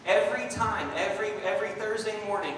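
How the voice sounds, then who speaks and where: A man's voice: high voice, quick pace. Young man preaching in an echoey hall. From Southern California. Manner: animated storytelling, acts out voices in anecdotes. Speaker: guest preacher. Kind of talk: sermon. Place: church sanctuary. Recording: distant, echoey hall recording with faint noise.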